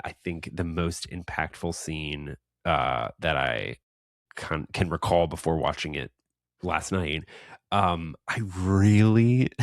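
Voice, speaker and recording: A man's voice: low-pitched, no room sound, clean studio sound. A man co-hosting a podcast in casual chat, rambling and swearing freely as he shares fun facts. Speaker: podcast co-host.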